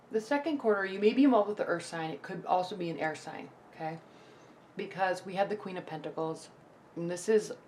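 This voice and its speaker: Chatty woman reading tarot, lowish voice. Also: slight background noise. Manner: reassuring, often checks in with "okay?" and "right?"; loose and chatty, with frequent restarts. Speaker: tarot reader. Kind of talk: casual tarot forecast to camera.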